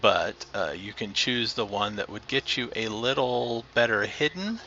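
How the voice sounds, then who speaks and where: A man running a tabletop game as game master, with a gravelly, bright voice. He narrates in halting bursts full of fillers, heard through a dull, lo-fi mic. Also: fairly low pitch, animated, a little hiss or hum. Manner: halting, with fillers while describing scenes.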